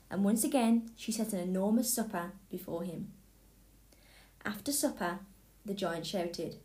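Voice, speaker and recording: A woman's voice: mid-range voice, a little slow, warm tone. Woman reading a fairy tale aloud. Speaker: storybook reader. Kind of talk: scripted fairy tale narration.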